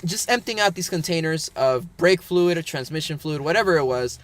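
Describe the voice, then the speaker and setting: A man's voice: on the high side, brisk. A man, a podcast co-host, telling a rambling story in casual chat with lots of fillers and bursts of laughter.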